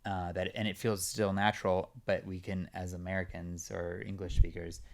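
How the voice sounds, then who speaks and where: A man's voice: low-pitched, flat delivery, moderate pace, gravelly. A young man from California, an actor, chatting as a podcast guest in a rambling way with lots of fillers. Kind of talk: casual interview chat.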